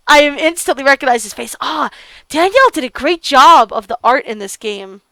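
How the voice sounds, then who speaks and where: A woman's voice: high voice, lively intonation, moderate pace, fairly bright tone, no echo, soft background music. A woman streamer reading a visual novel aloud and reacting with gasps and laughs. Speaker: let's play streamer.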